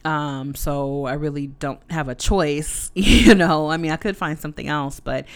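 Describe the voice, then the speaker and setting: A woman's voice: low-pitched, steady tone, a little slow. A young adult woman hosting her own podcast, telling a personal story in a chatty, candid way with frequent asides. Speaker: podcast host. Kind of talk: casual solo podcast storytelling.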